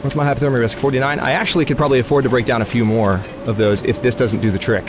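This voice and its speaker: A man's voice: medium pitch, steady tone, racing, background noise. Rambling man narrating his gameplay. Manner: rambling, talks to the game, exasperated asides. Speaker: let's play host. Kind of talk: gaming commentary. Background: game music.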